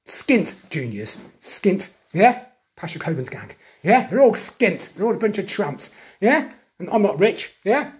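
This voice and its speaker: A man's voice: high voice, sing-song. A man giving an agitated monologue, listing grievances and names and ending almost every phrase with a questioning "yeah?". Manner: accusatory, lists names and grievances in rapid repetition. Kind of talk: monologue vlog.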